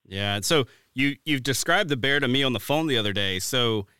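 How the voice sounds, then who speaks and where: A man's voice: mid-range voice, animated, moderate pace, pushed and bright, clear, resonant tone, no echo, studio quality. A man hosting a casual interview in an easygoing, conversational way. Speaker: host.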